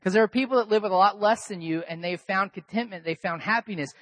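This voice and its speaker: A man preaching a sermon as pastor, conversational and animated, moving between soft asides and loud emphatic bursts. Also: high voice, quick pace, no echo.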